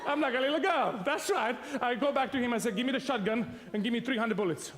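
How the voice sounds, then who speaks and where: High-voiced preacher in a reverberant hall. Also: male voice, quick pace, heavy background noise. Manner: animated storyteller, laughs often, acts out sounds and voices. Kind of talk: sermon with a humorous personal story.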